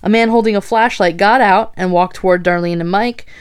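A woman's voice: mid-range voice, a little fast, clear, resonant tone. A woman co-hosting a casual true-crime chat, reading case details and reacting with gasps and swearing. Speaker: podcast co-host.

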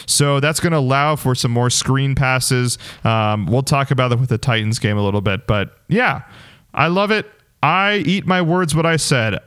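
Emphatic hype-man podcast host, smooth voice. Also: mid-range voice, normal speed, a bit bright, dry recording. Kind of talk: casual sports podcast chat.

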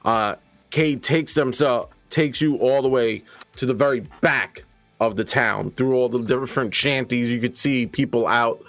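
A man's voice: medium pitch, measured pace, fairly bright tone. A man narrating as game master, loose and hesitant, with faint music behind.

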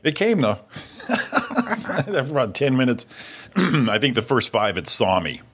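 A man's voice: mid-range voice, big pitch swings, unhurried, fairly bright tone. A middle-aged man co-hosting a morning radio show in casual chat, laughing often and chiming in with jokes. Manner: laughs often, jokey interjections.

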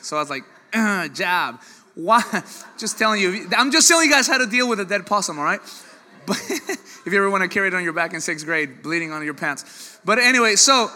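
A man preaching a sermon in an animated, joking way, with sudden loud bursts. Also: sits high. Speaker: pastor.

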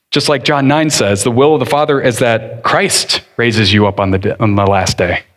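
A man pastor preaching a sermon earnestly, leaning hard on key words and then rushing through others. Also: fairly high pitch, fairly bright tone. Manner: earnest preaching, shifting between slow deliberate stress and quick bursts.

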